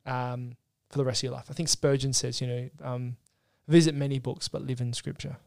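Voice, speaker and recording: A man's voice: medium pitch, flat delivery, brisk, creaky, a little mellow. A man co-hosting a podcast, earnestly explaining theology in casual discussion with frequent restarts. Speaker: podcast co-host.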